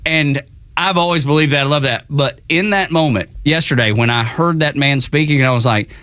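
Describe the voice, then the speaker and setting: A man with a Southern US accent hosting a morning radio show, chatting in an animated way with frequent chuckles. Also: on the high side, no echo, clean studio sound. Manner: animated, chuckles often, drawn-out storytelling. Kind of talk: casual morning radio chat. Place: radio studio. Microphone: studio microphone.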